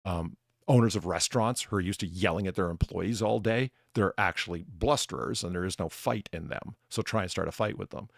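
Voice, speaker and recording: Low, creaky, and fairly quick, the voice belongs to a podcast host with a bartender persona, recorded in clean studio sound without room sound. In casual chat he tells stories full of laughter, acting out lines and cursing casually.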